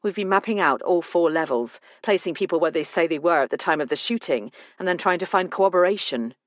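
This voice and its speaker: A woman voicing a calm male police detective who explains things in a measured way. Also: lowish voice, no echo, natural voice. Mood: matter-of-fact.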